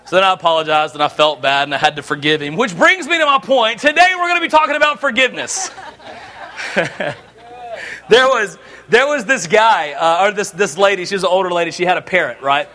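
A middle-aged man preaching a sermon, telling jokes and family stories with an animated delivery. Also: sits high, fairly quick. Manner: animated, joking storyteller. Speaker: pastor.

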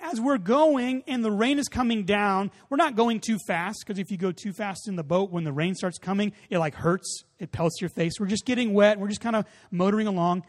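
A pastor preaching a sermon, telling a lively personal story and acting out the voices in it. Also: male voice, high-pitched, a little fast, hardly any pauses. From Texas. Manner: animated storytelling, acts out voices. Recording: long hall reverb.

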